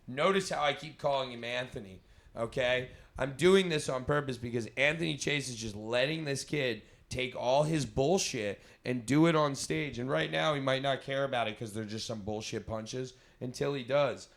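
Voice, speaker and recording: A man co-hosting a podcast in a studio, talking in casual crude banter, teasing and animated as he tells stories. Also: medium pitch, moderate pace, gravelly. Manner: profane, teasing, animated storytelling. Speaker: podcast co-host.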